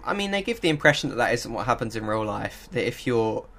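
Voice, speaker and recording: Man, podcast co-host, animated storyteller, mid-pitched, chatty and laughing. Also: fast, vocal fry. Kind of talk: casual chat.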